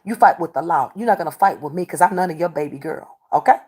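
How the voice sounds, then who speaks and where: A woman's voice: on the low side, expressive, quick pace, a little mellow, slightly rough. A woman streaming live who does readings, talking back to her chat in a combative, scolding way and repeating herself for emphasis. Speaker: livestreamer doing readings. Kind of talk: confrontational livestream talk to chat.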